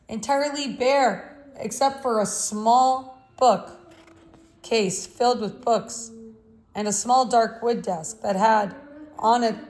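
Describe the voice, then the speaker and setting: A woman reading a novel aloud in a measured, steady way. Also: on the high side. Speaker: audiobook reader.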